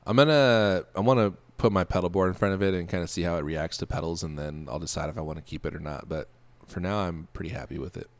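A man co-hosting a podcast in casual chat, relaxed, laughing easily and trailing off. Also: deep voice, fast talker, few pauses, no echo. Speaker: podcast co-host.

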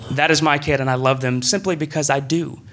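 A young man preaching a sermon in a church room, earnest and conversational, breaking into excited bursts. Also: on the high side, fairly quick, slight background noise.

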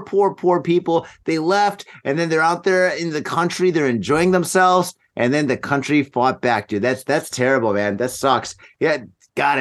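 A man co-hosting a casual podcast, talking in a laid-back, profane way with plenty of "dude" and "man.". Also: a little high. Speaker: podcast co-host. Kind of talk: casual news banter.

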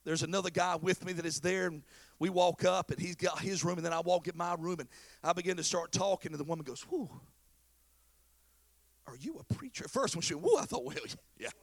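A man pastor preaching a sermon, swinging between shouted exhortation and quiet, confiding storytelling. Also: a little high, steady tone, fast talker, gravelly, no echo.

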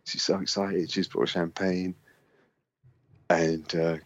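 A man with a very deep voice telling a rambling anecdote, swearing freely and laughing often. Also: level tone, takes it slowly, long pauses, no room sound. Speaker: musician guest. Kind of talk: casual storytelling. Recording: dull lo-fi sound.

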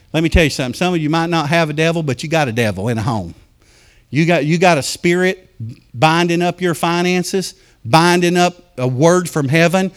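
A man delivers a fervent sermon in a church, his voice sitting high for a man. He tells his stories with force and then drops to a hush, speaking straight to the congregation. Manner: fervent preaching, storytelling, swings from loud to hushed; addresses congregation directly. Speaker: pastor.

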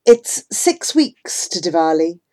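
A woman giving gentle, measured first-person narration of a storybook. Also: on the low side, sing-song. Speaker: audiobook narrator.

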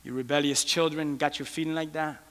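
A male preacher delivering an impassioned sermon, his pleas climbing toward near-shouts. His voice is bright and forceful, a little higher than most men's, and it rings with the long reverb of a large church hall. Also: fairly even intonation, fairly quick.

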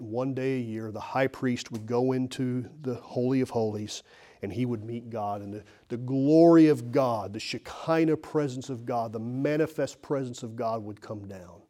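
A man preaching a sermon earnestly, swinging from strong emphasis to hushed near-whispers. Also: medium pitch.

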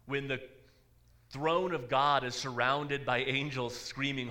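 A man's voice: medium pitch, fairly even intonation, measured pace, sharp tone. A man, a pastor, preaching a sermon in a church in a conversational way, with dry asides.

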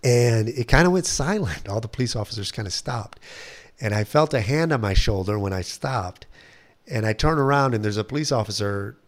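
A man, a missionary, telling a personal story in a lively way, acting out what others said and laughing at himself. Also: medium pitch, moderate pace. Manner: animated retelling, acts out quoted voices, laughs at himself.

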